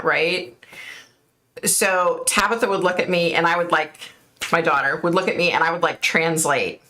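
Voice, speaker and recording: Overheated and sweating, a middle-aged woman from the United States chats casually on her live stream as a psychic host. She reads comments, laughs a lot, and thanks viewers by name in a lowish, pushed, bright voice.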